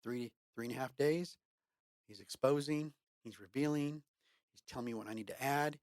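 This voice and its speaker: A man's voice: medium pitch, moderate pace, darkish tone, no room sound, studio quality. A man co-hosting a casual conversation, talking earnestly and with the repetitive, preacherly phrasing of a man of faith. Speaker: podcast co-host.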